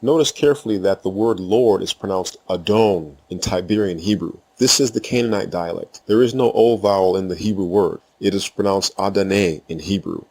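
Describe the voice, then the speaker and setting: A man reading a scripted lesson in a measured, explanatory way. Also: low-pitched, a little mellow. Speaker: teacher. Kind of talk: scripted narration.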